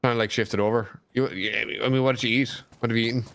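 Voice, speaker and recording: A man chatting casually with a friend in an easygoing, relaxed way. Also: medium pitch, rapid-fire. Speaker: friend on call. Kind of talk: casual chat.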